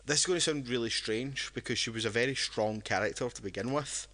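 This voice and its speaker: Tipsy podcast co-host, bright and rambling, tripping over his own words. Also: mid-range voice, fairly quick. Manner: rambling, with many restarts. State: drunk. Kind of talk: casual podcast chat.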